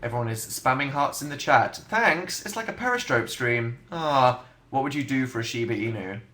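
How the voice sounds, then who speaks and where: A man's voice: medium pitch, animated, normal speed, pushed and bright, reverberant. A young man hosting a casual livestream, chatting in a dry, self-mocking way as he answers viewer comments. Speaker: livestream host.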